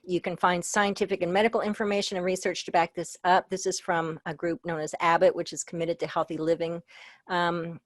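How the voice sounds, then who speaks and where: Low-voiced middle-aged woman presenting a webinar. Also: little pitch movement, fairly quick, dry recording. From Iowa. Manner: conversational and personal, with frequent "um" and light humor. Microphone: video call.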